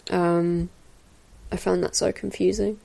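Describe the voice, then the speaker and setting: A woman's voice: fairly low pitch, flat delivery, slow pace, vocal fry, dark tone. A woman hosting a casual film commentary, chatting in a meandering way with lots of fillers and little laughs. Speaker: podcast host doing a film commentary. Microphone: new podcast mic.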